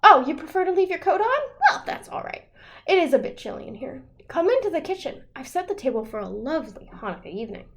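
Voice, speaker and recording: Woman doing chatty old grandmother, kind, high voice, lively swoops, storybook. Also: quick pace. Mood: warm, chatty.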